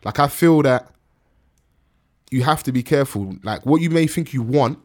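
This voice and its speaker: A man co-hosting a podcast, talking quickly and loosely with lots of fillers and slang. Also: mid-range voice, expressive. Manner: fast, heavy use of slang and fillers. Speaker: podcast co-host. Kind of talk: casual chat.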